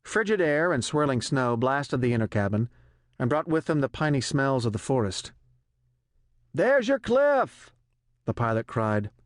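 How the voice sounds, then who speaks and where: A male audiobook narrator reading a thriller in a measured, even storytelling manner on a close studio mic. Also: mid-range voice, no echo.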